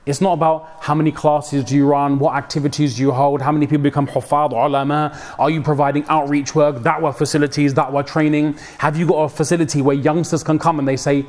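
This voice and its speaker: A young man delivers a mosque sermon. His voice sits a little high and he keeps it conversational, mixing slang into the preaching. He acts out the people he quotes. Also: little pitch movement, fast talker, hardly any pauses, darkish tone. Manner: code-switches with slang, dramatic quoted voices. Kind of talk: mosque talk.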